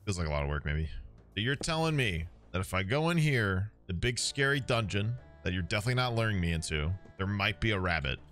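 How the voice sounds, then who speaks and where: A man with a lowish voice streams a game and chats to his viewers in a loose, casual way. His pitch swings widely as he gets excited, and he swears freely. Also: brisk, soft background music. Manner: excitable, swears a lot, talks to chat.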